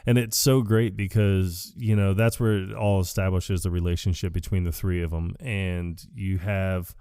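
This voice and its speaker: A man's voice: low voice, normal speed, clear, resonant tone, no echo, clean studio sound. A man co-hosting a podcast, chatting casually about a film and acting out lines between laughs. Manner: animated, acts out quoted lines with laughter. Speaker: podcast co-host.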